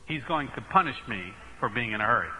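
A middle-aged man from the northeastern United States, a Baptist preacher telling an animated, emphatic story in a sermon with self-mocking humor. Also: mid-range voice, quick pace, slight background noise, low-quality recording.

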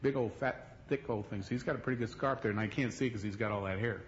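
A middle-aged male pastor preaching an animated sermon, swinging between loud stretches and hushed ones. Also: fairly low pitch, fast talker, muffled recording, a little hiss or hum.

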